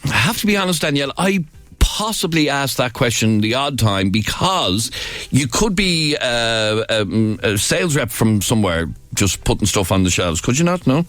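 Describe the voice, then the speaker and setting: A man's voice: mid-range voice, big pitch swings, normal speed, fairly bright tone, no echo. A man hosting a phone-in talk radio show, chatty and teasing, laughing easily with callers. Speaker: radio host.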